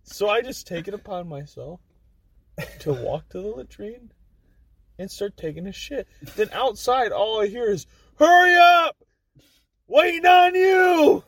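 High-voiced man telling a profane story. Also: expressive, normal speed, vocal fry, slightly rough, distant mic. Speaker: podcast guest. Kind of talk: casual storytelling.

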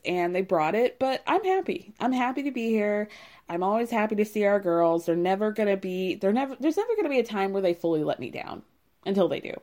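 A woman's voice: mid-range voice, a little mellow. A woman hosting a casual recap podcast, talking in a sassy, wry way with frequent asides. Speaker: podcast host recapping reality TV.

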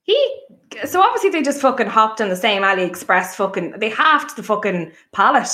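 A woman's voice: a little high, moderate pace. Blunt, sweary woman chatting. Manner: blunt, sweary, animated storytelling. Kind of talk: casual chat.

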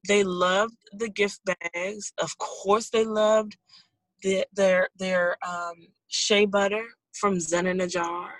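A woman co-hosting a casual chat, telling stories in an animated way and laughing often. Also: mid-range voice, slow pace, no echo, poor audio.

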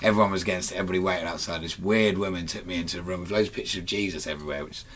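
A man's voice: low voice, racing. A man with an Essex accent co-hosting a podcast, telling stories and swearing freely in casual banter. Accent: Essex English. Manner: animated storyteller, swears freely, laughs mid-story. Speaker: podcast co-host.

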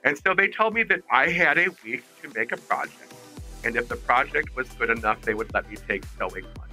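A middle-aged man, a fashion designer, telling animated stories as a guest in a podcast interview. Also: medium pitch, fairly quick, soft background music, rough recording. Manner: animated, expressive storyteller. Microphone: remote call mic.

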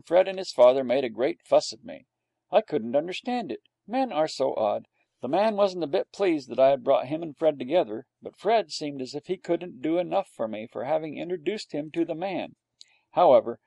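A man narrates a story in a dry, wry first-person way. His voice is gravelly and somewhat raised, dark in tone, recorded close and dry. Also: fairly high pitch, dry recording.

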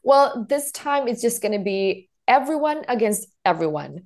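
A woman's voice: on the high side, very animated, normal speed, darkish tone. A woman with a Swedish accent on a podcast panel, speaking in simple, plain phrases. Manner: reading lists plainly, explaining in simple phrases. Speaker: journalist panelist. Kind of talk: casual panel chat.

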